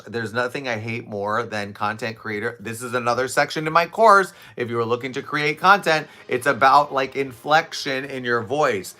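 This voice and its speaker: A man hosting a casual live stream, talking to viewers with lots of energy and quick laughs. His voice is a bit scratchy and worn from hours of talking and teaching, with a bright, forward tone. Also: medium pitch. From Southwest Florida. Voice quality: slightly raspy, scratchy from overuse. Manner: chatty, animated, laughs often, talks to viewers' comments. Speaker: live streamer and fitness instructor. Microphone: streaming setup close to camera.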